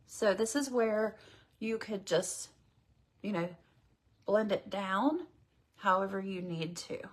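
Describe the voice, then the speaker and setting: She speaks slowly in a mid-range voice, hosting a laid-back beauty livestream. As she does her makeup, she keeps up a rambling chat with the audience.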